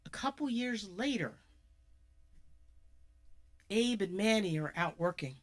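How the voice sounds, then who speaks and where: A speaker at a live charity event retelling a Bible story in a conversational way, with shifts in pace and loudness and asides to the audience. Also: medium pitch, expressive, takes it slowly.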